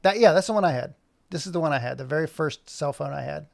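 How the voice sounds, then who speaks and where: Jokey man in his forties, livestream animator, gravelly voice pitched a bit high. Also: fast talker, darkish tone, no echo. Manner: joking, rambling self-talk while working. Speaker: animator streaming live. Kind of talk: casual livestream chat.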